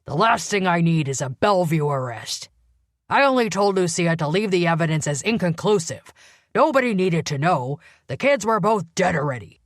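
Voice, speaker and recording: A woman narrator puts on a gruff older police commander for an audiobook, a man close to retirement who growls and snaps. The voice comes out louder and rougher, defensive and curt. The studio sound is dry and close. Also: lowish voice, lively intonation, moderate pace, no echo, lightly acted. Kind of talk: audiobook character voice.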